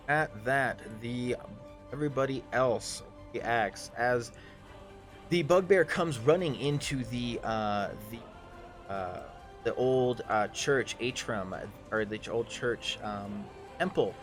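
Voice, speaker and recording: A man narrating a live tabletop game as game master, halting often with ums and restarts. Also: medium pitch, soft background music.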